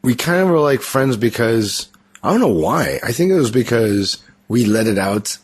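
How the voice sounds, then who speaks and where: A man's voice: medium pitch, expressive, moderate pace, breathy edge, dry recording. A man guesting on a podcast, chatting casually with crude, rambling humor. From Canada. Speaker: comedian guest.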